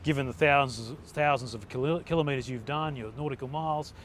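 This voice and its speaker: A man's voice: mid-range voice, a little fast, fairly bright tone, slight background noise. A man interviewing a guest, asking loose, rambling questions in a casual tone.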